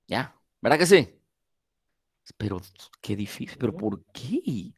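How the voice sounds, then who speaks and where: A man whose first language is Spanish, teaching an English grammar class online, repeating example sentences slowly and quizzing his students. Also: on the low side, big pitch swings, breathy edge, no echo, studio quality. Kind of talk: live online class lecture.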